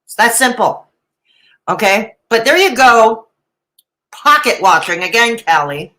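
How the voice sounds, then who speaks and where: A woman's voice: a little high, very animated, a little slow, sharp tone, rough recording. A middle-aged woman doing live reaction commentary, sarcastic and mocking, with dramatic asides and laughs. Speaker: reaction streamer.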